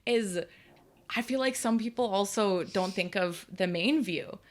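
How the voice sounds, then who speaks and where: A woman co-hosting a podcast as a wedding photographer, chatting casually with lots of "like" and quick agreement. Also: mid-range voice. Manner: animated, filler-heavy, agreeable. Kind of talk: casual chat.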